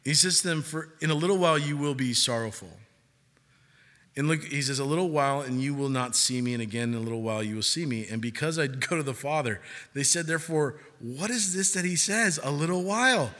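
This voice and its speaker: Animated preacher, bright voice in a hall. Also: male voice, a little high, a little fast. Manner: animated, jokey, acts out quoted voices. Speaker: pastor. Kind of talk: sermon. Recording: long hall reverb.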